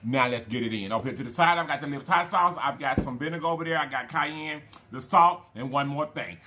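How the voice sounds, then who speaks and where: A man's voice: a little high, fast, hardly any pauses, bright, forceful tone. A man hosting a casual eating show, folksy and chatty, calling viewers y'all and baby and humming over his food. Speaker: mukbang channel host.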